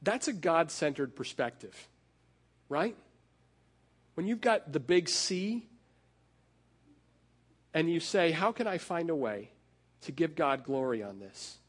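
Man preaching a relaxed, conversational sermon. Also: fairly high pitch. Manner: conversational preaching with fillers and repeated restarts, slowing on key phrases. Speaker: pastor.

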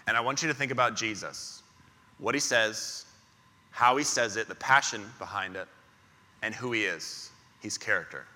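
Bright-voiced man preaching a sermon. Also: on the low side, normal speed, big-room sound. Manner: emphatic, repeats key phrases in lists. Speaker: pastor.

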